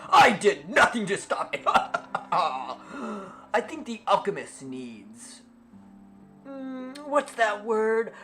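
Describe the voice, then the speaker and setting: A man playing a scornful male town guard in a game, voice pushed up and loud, every line a taunt. Game music runs behind him. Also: sits high, pitched above the performer's own voice, heavily acted. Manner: sneering, taunting.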